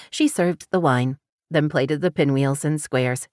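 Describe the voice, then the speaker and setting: A woman narrating an audiobook in an expressive, lively reading style. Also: deep voice, unhurried, dry recording, studio quality. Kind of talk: scripted narration.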